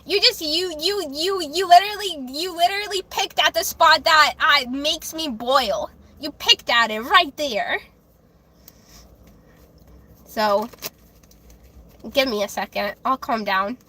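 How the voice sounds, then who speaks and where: A woman livestreaming, ranting angrily to her chat, with halting restarts and repeated words. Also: sits high, animated, bright, forceful tone. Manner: angry, heated ranting with swearing.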